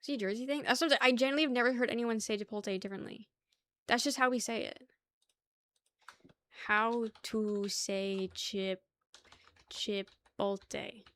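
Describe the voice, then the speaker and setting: A woman's voice: fairly high pitch, rapid-fire, fairly bright tone. A young woman livestreaming casual chat with her viewers, rambling, laughing easily and swearing offhandedly. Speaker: livestream host.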